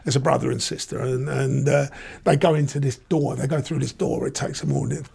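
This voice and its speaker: Older man with a gravelly voice. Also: medium pitch, steady tone, brisk, warm tone. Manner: chatty storyteller, laughs often. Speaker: guest. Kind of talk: casual chat.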